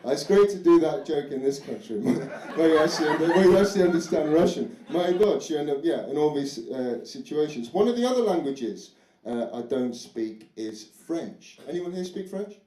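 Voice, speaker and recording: A young male comedian works the crowd in a chatty, self-mocking stand-up set, now and then putting on silly foreign voices. His voice sits a little high for a man. The sound is roomy, with steady crowd noise behind him. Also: moderate pace. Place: comedy club in front of a live audience. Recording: echoey club with audience noise.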